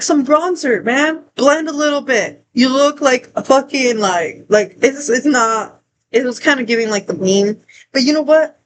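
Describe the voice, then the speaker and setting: A woman's voice: high voice, noisy background. A young adult woman telling a storytime vlog in a heated, profane rant, repeating herself as she gets worked up. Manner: heated, profane, repetitive ranting. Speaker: vlogger.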